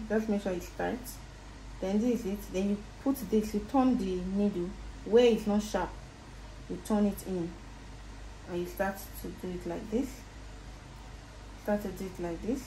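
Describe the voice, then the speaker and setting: Mellow Nigerian woman teaching sewing. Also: medium pitch, steady tone, measured pace, pauses often. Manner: patient, repeats each step while demonstrating. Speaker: sewing tutor. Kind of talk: casual step-by-step sewing tutorial. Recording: roomy echo with faint background noise.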